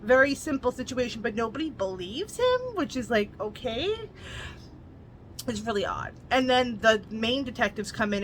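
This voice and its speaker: A woman recaps a novel in a casual, chatty review, peppering it with "like" and blunt asides. Her voice sits a little high and has a bright, keen edge. A faint hiss runs under it. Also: low-quality recording. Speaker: book reviewer.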